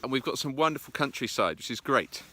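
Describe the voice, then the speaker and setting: Bright-voiced man chatting on a walk. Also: medium pitch, lively intonation, quick pace. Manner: chatty and self-deprecating, with frequent "uh" fillers. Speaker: business presentation coach. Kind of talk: casual walking vlog. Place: outdoors in the countryside.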